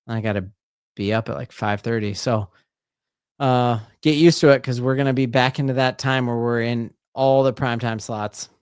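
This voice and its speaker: A man streaming live fan play-by-play commentary. He talks casually and rambles, then erupts into loud repeated exclamations. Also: mid-range voice, fairly even intonation, moderate pace, clear, resonant tone, no room sound, studio quality. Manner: rambling, casual, full of fillers and restarts.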